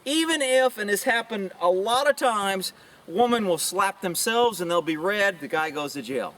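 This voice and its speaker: Speaking at normal speed in a lively, slightly bright voice, a middle-aged officer of the police gives a blunt, opinionated monologue to camera outdoors near chickens. Rambling asides creep in, he quotes women in high mocking voices, and he sits somewhat far from the microphone.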